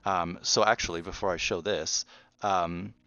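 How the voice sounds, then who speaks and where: A man's voice: sits low, steady tone, measured pace, bright, forceful tone, no echo. A man, a game developer, explaining his work in a casual, rambling behind-the-scenes talk full of restarts. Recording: dull, muffled, dry sound.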